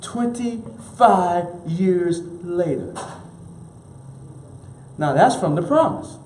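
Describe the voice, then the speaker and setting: High-voiced man preaching in an echoey room. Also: expressive, very slow, darkish tone, slight background noise. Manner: emphatic preaching, repeats key lines, leads congregation call-and-response. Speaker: minister. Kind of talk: sermon.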